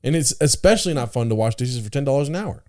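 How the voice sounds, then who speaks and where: A podcast co-host chats casually, blunt and profane, often stumbling over repeated words as he starts sentences. His medium-pitched voice is mellow and fast, with lively intonation.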